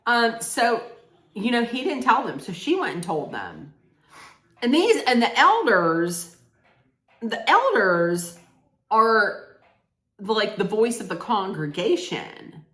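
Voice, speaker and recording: A woman recaps what she watched in an unhurried, plain-spoken way, blunt and indignant, with swearing thrown in. Her voice has a roomy echo around it. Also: fairly high pitch, sing-song, a bit bright. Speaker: vlogger reacting to a documentary. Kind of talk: casual reaction recap.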